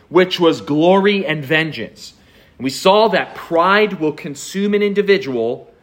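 A man's voice: on the high side, fairly bright tone. A man giving a conversational sermon as a pastor, reading film dialogue and talking with frequent fillers and restarts.

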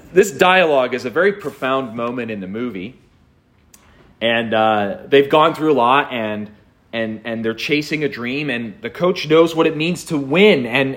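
A man giving a conversational sermon as a pastor, reading film dialogue and talking with frequent fillers and restarts. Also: medium pitch.

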